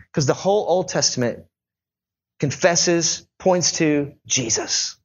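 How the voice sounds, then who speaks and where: Young male pastor, high voice, chatty sermon delivery, slightly muffled recording. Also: takes it slowly, breathy edge. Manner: conversational, animated storytelling.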